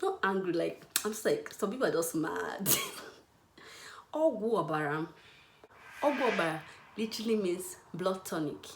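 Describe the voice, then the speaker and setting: A young woman teaching Igbo words in a casual, playful way, laughing often and repeating words slowly. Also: lowish voice, animated, reverberant, background noise. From Nigeria, Igbo. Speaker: language teacher. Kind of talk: casual language lesson.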